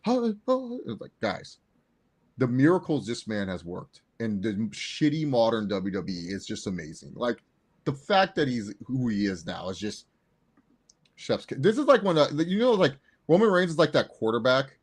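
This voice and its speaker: A man co-hosting a casual sports chat, excitable and rambling, with lots of fillers. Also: mid-range voice, normal speed, husky. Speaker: co-host.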